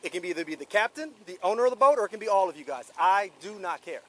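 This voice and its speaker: A man's voice: high-pitched, animated, rapid-fire. A man working as a wildlife officer on a boat outdoors, firmly lecturing a group about underage drinking. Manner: firm, stern, lecturing. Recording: noisy outdoor bodycam audio.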